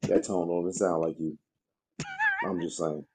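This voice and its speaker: Low husky man teasing his co-host. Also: fairly even intonation, moderate pace, a little mellow. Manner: teasing, repeats points insistently. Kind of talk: casual podcast banter.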